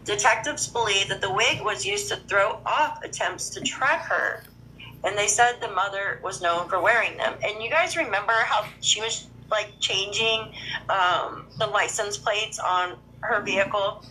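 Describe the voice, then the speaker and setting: A woman hosts a casual true-crime livestream with a bright, tense edge to her voice. She greets viewers one by one and reads news passages aloud, stopping to add her own remarks. A faint hiss sits under her talk. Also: medium pitch, unhurried, rough recording. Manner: chatty, greets viewers by name, comments between read passages.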